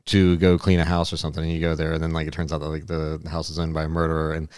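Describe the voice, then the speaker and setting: A man's voice: monotone, rapid-fire, darkish tone, clean tone, dry recording, clean studio sound. A man co-hosting a podcast, telling rambling stories in casual chat and acting out quotes. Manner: rambling storyteller, acts out quotes in a high voice. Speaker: podcast co-host.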